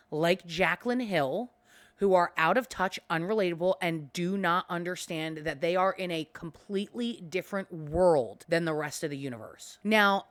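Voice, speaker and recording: A woman's voice: lowish voice, a bit bright, dry recording. A young adult woman hosting a commentary podcast, ranting heatedly and swearing freely. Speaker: podcast host.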